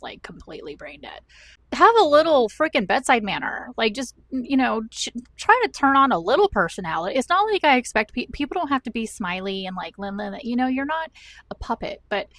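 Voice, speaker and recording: A woman's voice: medium pitch, a bit bright, no echo. A woman in her thirties, raised in the American South, chatting to camera at home in a rambling, self-deprecating way. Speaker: vlogger. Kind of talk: chatty talk-to-camera vlog.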